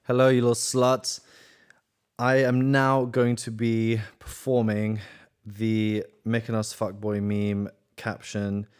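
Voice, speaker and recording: A man co-hosting a podcast, chatting casually in a relaxed, easygoing way. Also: lowish voice, clean tone. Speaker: podcast co-host. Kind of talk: casual chat.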